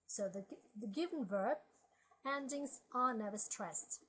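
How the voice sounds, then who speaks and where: A woman teaching a language lesson, slowly reading word lists aloud and explaining grammar step by step. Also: fairly high pitch, a bit bright, husky, low-quality recording. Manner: slow, methodical, reads word lists aloud.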